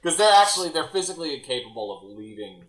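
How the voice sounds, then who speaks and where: A man's voice: mid-range voice, big pitch swings, quick pace. Wry man in an echoey room. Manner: wry, joking asides. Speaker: podcast guest. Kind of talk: casual podcast discussion.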